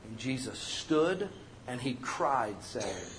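A man preaching a sermon as pastor, animated and joking, acting out the people he quotes. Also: medium pitch, takes it slowly.

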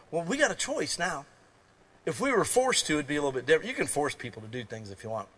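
Folksy preacher, bright voice. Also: male voice, fairly high pitch, sing-song, fast. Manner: folksy, swings from quiet asides to loud preaching. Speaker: pastor. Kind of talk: sermon.

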